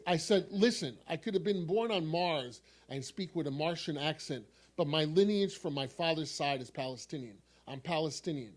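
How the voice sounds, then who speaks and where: A man's voice: a little high, animated, normal speed, hardly any pauses. A man with a New York accent from New York City, reading his own poem aloud with a wry, repeating refrain. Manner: wry, repetitive refrain delivery. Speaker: poet. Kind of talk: poetry reading.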